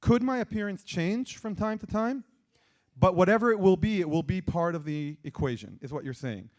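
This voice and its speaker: A man's voice: sits high, normal speed. A man with an Israeli accent giving an interactive lecture and quizzing the audience with questions. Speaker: persuasion lecturer.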